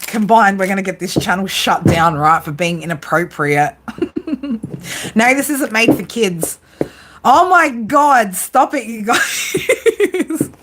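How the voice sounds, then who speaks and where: A woman hosting a relaxed live tarot stream at a medium pitch, joking with her audience and sprinkling in swear words between card pulls. A faint hiss sits under her close, informal voice. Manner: teasing, profane banter with viewers. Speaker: psychic tarot reader.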